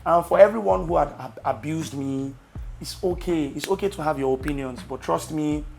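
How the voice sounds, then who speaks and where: A young Nigerian man with a Nigerian accent, casually telling travel stories to camera with loud exclamations. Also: on the high side, moderate pace, vocal fry, a little hiss or hum. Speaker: vlogger.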